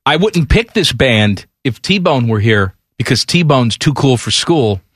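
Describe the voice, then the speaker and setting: Animated male sports radio host. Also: mid-range voice, unhurried, husky, no echo, studio quality. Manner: teasing, animated banter.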